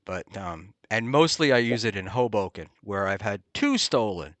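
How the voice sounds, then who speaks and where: A man's voice: fairly low pitch, lively intonation, fairly bright tone, no room sound. Rambling man hosting a casual chat. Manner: rambling, halting with many ums and restarts. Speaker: podcast host. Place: Hoboken area, New Jersey.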